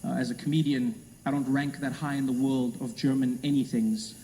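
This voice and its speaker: A man's voice: mid-range voice, fairly quick, heavy background noise. A man doing a stand-up routine, telling stories animatedly and slipping into voices. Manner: animated storytelling, slips into voices. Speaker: stand-up comedian. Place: large comedy venue. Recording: echoey hall, live audience.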